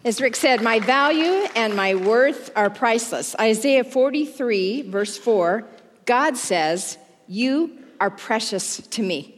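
A woman delivering a sermon in a measured, teaching tone, lingering on important words. Her voice is somewhat high for a woman and carries long reverb from a large church hall. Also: lively intonation. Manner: warm, measured teaching, slowing on key words. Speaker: pastor's wife and teacher.

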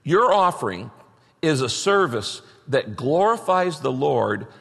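A man's voice: mid-range voice, very animated, slow pace, creaky, fairly bright tone, husky. A man preaching a sermon as a pastor, emphatic, with bursts of rising energy. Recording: long reverb of a large hall.

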